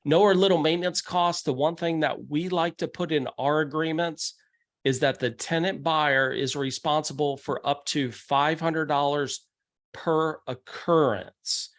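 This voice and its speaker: A man's voice: fairly high pitch, steady tone, unhurried, fairly bright tone. A man giving a real estate investing seminar talk, speaking conversationally and acting out the people he quotes. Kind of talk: seminar presentation. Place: meeting room.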